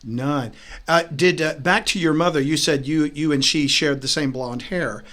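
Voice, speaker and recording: A man's voice: fairly high pitch, normal speed, a bit bright. Man co-hosting a casual podcast interview. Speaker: podcast co-host.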